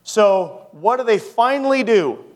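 A man's voice: high voice, lively intonation, measured pace. Conversational preacher man. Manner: conversational, asks the audience many rhetorical questions. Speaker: pastor. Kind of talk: sermon teaching.

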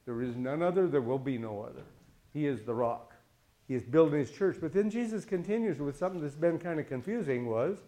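A man's voice: fairly high pitch, lively intonation, brisk, mellow. Chatty man teaching a Bible study. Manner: chatty, asks the listeners questions, acts out quotes.

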